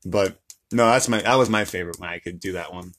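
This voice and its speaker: A man's voice: deep voice, quick pace, fairly bright tone. A young man in casual, playful chat, rambling and laughing often.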